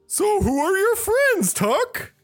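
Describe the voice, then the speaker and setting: A grand, over-friendly cat showman of a fantasy bazaar, as a woman game master puts him on, crowing his welcomes in a high, loud, drawn-out voice. He sounds like a carnival barker who loves an audience. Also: sing-song, faint music behind, exaggerated voice. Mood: grandly welcoming.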